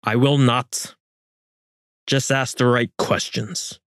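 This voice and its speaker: A man's voice: mid-range voice, fairly even intonation, slow, fairly bright tone, dry recording, studio quality, voice pushed up. A man voicing a stubborn Spanish captain who talks in a sneering, mocking way. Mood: dismissive.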